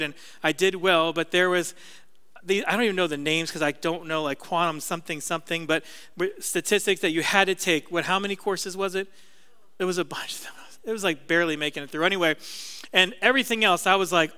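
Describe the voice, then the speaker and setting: A man's voice: high voice, pushed and bright, clear, resonant tone, long reverb tail. A middle-aged man, a pastor, preaching a sermon in a conversational, self-deprecating storytelling way.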